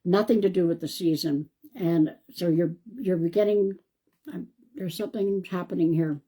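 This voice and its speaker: A woman, a psychic medium, doing a live-stream card reading in a calm, reassuring way and thinking aloud. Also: lowish voice, moderate pace, slightly rough. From Canada.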